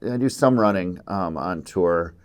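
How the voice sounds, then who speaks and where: Man, 50s, from Minnesota, low voice, halting, repeats words, radio studio guest. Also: smooth, dull audio. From Minnesota, USA. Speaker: musician guest. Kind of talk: casual interview chat. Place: radio station studio session.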